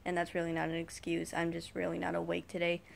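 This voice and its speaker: A woman's voice: fairly low pitch, completely flat delivery, quick pace, gravelly, a little hiss or hum. A teenage girl vlogging a casual rant to camera, rambling and sighing as she complains. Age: teens. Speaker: YouTube vlogger.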